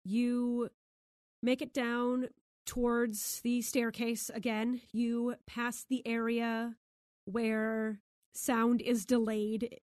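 A woman runs a tabletop game, describing objects and places in brisk, lightly amused narration. Her voice sits a little high, and the recording is dry and close, with no room sound. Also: flat delivery, a little mellow, no echo. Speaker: game master.

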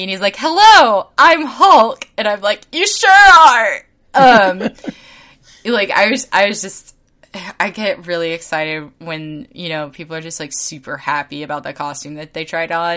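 Young woman podcast co-host, bright lowish voice, animated casual storyteller. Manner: animated storytelling, laughing often. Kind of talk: casual chat.

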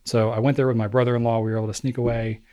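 A man co-hosting a podcast, telling relaxed stories in casual chat with lots of fillers. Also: mid-range voice, very fast. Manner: relaxed storyteller, many fillers. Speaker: podcast co-host.

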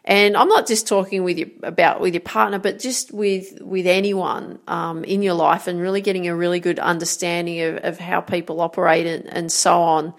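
A woman's voice: lowish voice, fairly even intonation, normal speed, creaky, hardly any pauses. A woman giving an encouraging motivational talk as a coach, often checking in with "right?". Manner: encouraging, repeats "right?" and "guess what?". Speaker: golf and life coach.

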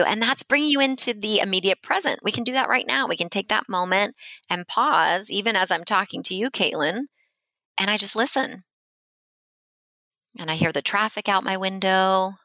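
A woman's voice: medium pitch, pushed and bright, no echo, rough recording. A woman speech-language pathologist, a podcast guest, talks through simple exercises in a friendly, instructive way and often checks in with "right?". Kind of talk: conversational podcast guidance.

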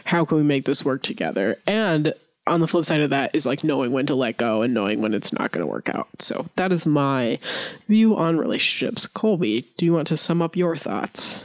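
A woman's voice: deep voice, lively intonation, normal speed, no room sound, studio quality. Chatty young woman podcast co-host. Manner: chatty, many fillers and restarts, self-mocking. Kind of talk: casual podcast chat.

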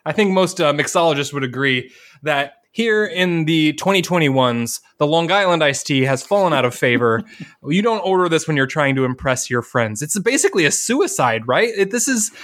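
Man, Northwest Ohio accent, slightly high pitch, relaxed casual chat, joking. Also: normal speed. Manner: relaxed, joking, reads quotes aloud. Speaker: podcast co-host.

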